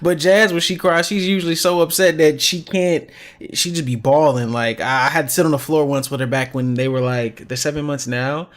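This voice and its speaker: A man co-hosting a podcast, telling stories in a slangy, animated way. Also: on the high side, fairly quick. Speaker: podcast co-host. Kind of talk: casual chat.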